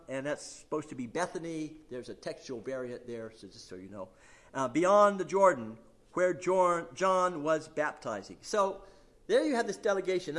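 Male preacher, high and animated voice, casual teaching tone with frequent fillers. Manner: conversational, many fillers and restarts, quotes scripture with emphasis. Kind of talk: expository Bible teaching.

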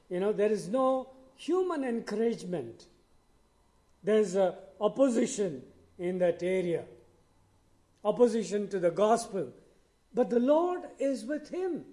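A male preacher with a fairly high voice and a soft, mellow tone. He speaks slowly and deliberately, and he rises in pitch and volume when he quotes promises from scripture. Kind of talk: sermon.

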